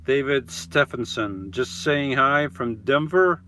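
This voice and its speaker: A man's voice: mid-range voice, takes it slowly, bright, forceful tone, slight background noise. A man hosting a casual live stream from his camper van, reading viewer comments aloud and answering them one by one in an easygoing, chatty way that often trails off.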